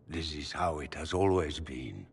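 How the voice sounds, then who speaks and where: An actor playing a stern but remorseful older male magister who pleads with his son in a measured, apologetic manner. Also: a bass voice, gravelly, a little hiss or hum, full character voice. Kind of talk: game character dialogue.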